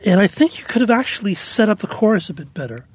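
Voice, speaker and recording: A man's voice: sits high, very animated, fast, slightly rough. A man giving songwriting feedback in a studio chat, rambling with lots of fillers. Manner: rambling, full of "like, you know" fillers. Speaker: song critic on panel.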